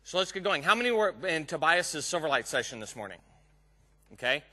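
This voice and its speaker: Bright-voiced Texan man giving a talk. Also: a little high, sing-song, a little fast. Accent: Southern US (Texas). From Texas. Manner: joking, chatty, teases the audience. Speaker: conference speaker. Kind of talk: live technical conference talk. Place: conference room with a live audience.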